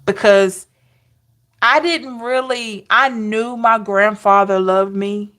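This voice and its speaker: A woman tarot reader sharing personal memories in a slow, emotional, heartfelt way, with soft hums between thoughts. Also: medium pitch. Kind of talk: personal reflective talk.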